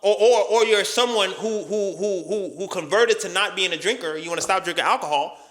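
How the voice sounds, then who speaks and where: A man's voice: sits high, a little fast, a bit bright, reverberant. A man giving a casual motivational talk in street slang, emphatic and profane. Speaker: motivational YouTuber.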